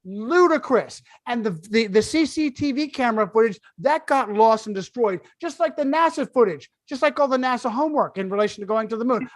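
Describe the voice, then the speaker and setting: A man who is a guest author on a podcast, talking emphatically and sarcastically in quick bursts. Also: very high voice, lively intonation, dry recording. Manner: emphatic, sarcastic, rapid-fire. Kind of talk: podcast discussion.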